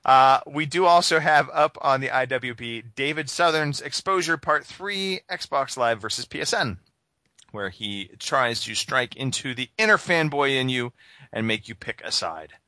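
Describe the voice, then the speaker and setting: A man's voice: mid-range voice, animated, moderate pace, pushed and bright, no room sound. A man hosting a gaming podcast, chatting casually and joking, with plenty of fillers. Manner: joking, rambling with many fillers. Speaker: podcast host.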